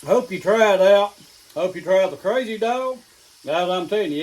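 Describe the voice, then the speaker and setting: A man's voice: high-pitched, normal speed, a little mellow, rough recording. A middle-aged man with an East Tennessee accent, hosting a casual home cooking vlog in a folksy, down-home way, sometimes talking while he eats. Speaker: home cooking channel host. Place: home kitchen. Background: food sizzling in a skillet.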